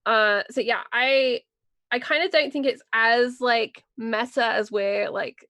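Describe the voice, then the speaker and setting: An opinionated woman breaks down a roleplaying game's characters in casual chat. Her voice sits a little high and sounds dry and close. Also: slow pace, bright, forceful tone, no room sound. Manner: analytical, opinionated. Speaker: player discussing a roleplaying game. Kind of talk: casual discussion.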